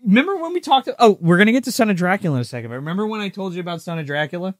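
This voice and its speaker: A man's voice: high-pitched, rapid-fire, no room sound, clean studio sound. A man co-hosting a podcast, telling rambling, profane stories in casual chat. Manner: rambling, profane, animated storytelling. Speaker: podcast co-host.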